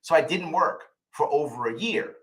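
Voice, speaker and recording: A man's voice: a little high, animated, normal speed. A middle-aged man hosting a live ask-me-anything stream, emotional and repeating himself for emphasis, swearing casually. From United States. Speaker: host answering viewer questions. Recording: roomy echo.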